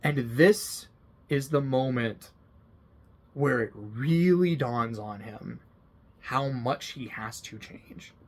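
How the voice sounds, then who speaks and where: A man's voice: medium pitch, animated, takes it slowly. A young man talking casually about his favorite anime, emotional, laughing often and swearing now and then. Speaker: anime video host. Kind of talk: casual personal commentary.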